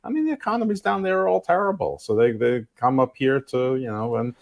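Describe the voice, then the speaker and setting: Halting, lively-voiced male podcast co-host. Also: medium pitch, creaky. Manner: halting, many restarts, dry jokey asides. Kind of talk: casual podcast chat.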